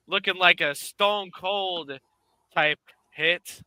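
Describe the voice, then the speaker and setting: A man calling a hockey game on a live stream with a high, very bright and piercing voice. His tone is smooth and clean. The sound is dry and close, as if he is talking right into the mic. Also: no echo, low-quality recording. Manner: rapid play-by-play, rising to excited shouts on chances. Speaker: play-by-play commentator.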